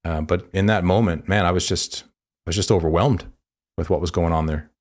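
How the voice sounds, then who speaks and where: A man hosting a podcast, telling a personal story in a halting, earnest way with many restarts. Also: low voice, a little mellow. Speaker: podcast host. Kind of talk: podcast interview.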